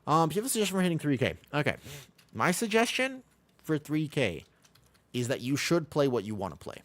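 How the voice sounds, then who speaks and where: American man, game streamer, casual chatty talk, animated pitch. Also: brisk. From Los Angeles, USA. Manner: chatty, reads viewer questions aloud and answers casually. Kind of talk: live-stream game commentary.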